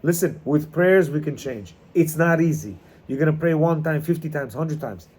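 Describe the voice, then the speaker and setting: A man's voice: fairly high pitch, moderate pace, a little mellow, breathy edge. A man teaching a Torah class to students, emphatic and repetitive in his delivery. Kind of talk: animated class talk.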